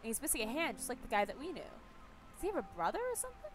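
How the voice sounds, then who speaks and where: A woman's voice: sits high, huge pitch swings, very fast, music in the background. A young woman gaming streamer giving chatty, playful let's-play commentary and reading game text aloud.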